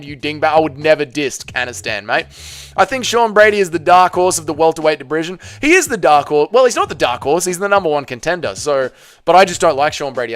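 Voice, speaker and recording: Australian male streamer, smooth resonant voice, slightly high, crude bantering chat host. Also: no echo. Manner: crude, bantering, reads chat aloud and answers. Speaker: livestream host. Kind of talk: casual livestream chat reading comments.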